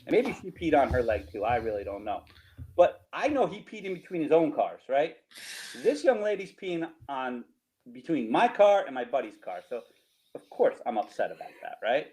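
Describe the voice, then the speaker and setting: A middle-aged man with a New Jersey accent tells tailgating stories over slides in a casual, animated way, often laughing and tagging lines with "right?". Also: mid-range voice, moderate pace, rough recording. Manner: animated, laughing, repeats himself, rhetorical "right?". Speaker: storyteller guest.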